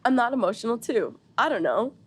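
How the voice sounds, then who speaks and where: A woman's voice: fairly high pitch, sing-song, fairly quick, a little hiss or hum. A young woman guesting on a podcast, talking in an offhand, self-mocking way. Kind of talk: casual podcast chat.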